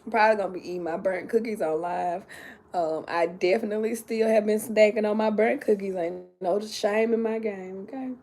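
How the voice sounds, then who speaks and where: A woman hosting a casual livestream, chatty and excitable, greeting viewers by name and repeating herself, a little sleepy. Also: mid-range voice, a little fast. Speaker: livestream host.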